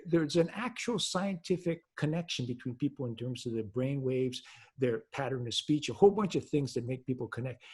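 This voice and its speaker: A man with a husky, slightly rough voice presents a professional webinar in an earnest, explanatory way. He speaks at an ordinary middle pitch and often hesitates mid-sentence before carrying on. The sound comes through a video-call microphone. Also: darkish tone. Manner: earnest and unhurried, with frequent hesitations.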